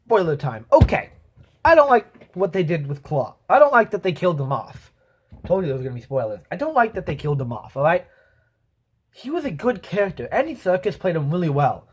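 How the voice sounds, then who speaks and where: A man's voice: high-pitched, big pitch swings, brisk, husky. A man giving a casual movie review, rambling with lots of "um" and "you know" and acting out sound effects as he talks. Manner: voices sound effects and quotes while telling.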